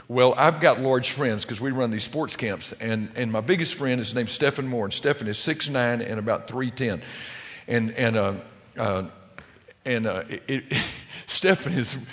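Middle-aged male preacher, folksy storyteller, full of restarts; dull recording with long reverb. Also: mid-range voice. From American Midwest. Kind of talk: humorous sermon story.

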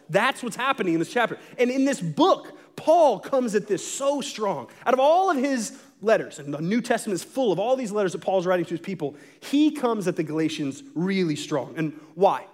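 A young man preaching a sermon in a lively, conversational way, with bursts of dramatic emphasis. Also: high voice, normal speed, few pauses. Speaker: pastor.

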